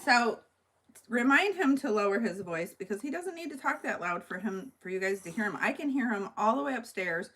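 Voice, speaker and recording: A woman's voice: fairly high pitch, expressive, brisk, fairly bright tone, poor audio. A woman in casual, teasing chat at home, joining her husband's stream for a moment. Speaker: esthetician.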